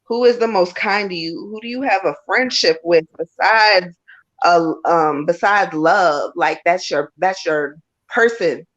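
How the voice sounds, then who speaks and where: A woman's voice: lowish voice, measured pace, fairly bright tone. A woman co-hosting a live stream, giving tarot readings in an emphatic, repetitive, encouraging way. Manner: emphatic, repeats key lines. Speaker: tarot reader and co-host. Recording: dull lo-fi stream audio.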